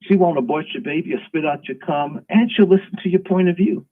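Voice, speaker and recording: A man's voice: on the high side, fairly quick. A man hosting a live stream, delivering an emphatic, preachy, provocative monologue. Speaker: host. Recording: tinny phone-like line.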